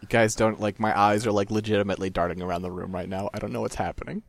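A man's voice: fairly low pitch, steady tone, fast, vocal fry, no echo. A man hosting a podcast, chatting casually and joking, swearing now and then. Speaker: podcast host.

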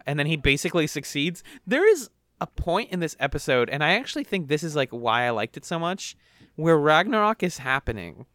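A young man co-hosting a podcast, chatting casually and rambling through animated retellings. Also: medium pitch, clean tone, dry recording, studio quality. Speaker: podcast co-host. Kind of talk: casual chat.

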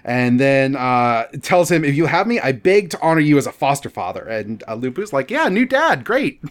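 A man in casual chat, retelling a story with lots of quick impressions of the characters. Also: mid-range voice, clean tone. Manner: animated retelling, slips into goofy voices for the figures. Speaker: podcast co-host retelling a historical novel.

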